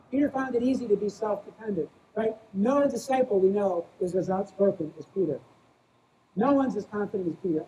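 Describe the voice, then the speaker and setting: Man, pastor, conversational sermon, dark mellow tone, faint background hiss. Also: high-pitched, low-quality recording. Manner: conversational preaching, often asks "right?"; plain-spoken, calls himself a small-town guy.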